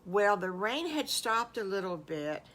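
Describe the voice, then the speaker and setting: Older woman, folksy improvised kids' story, meandering, bright voice. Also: mid-range voice, big pitch swings, a little slow. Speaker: storyteller grandmother.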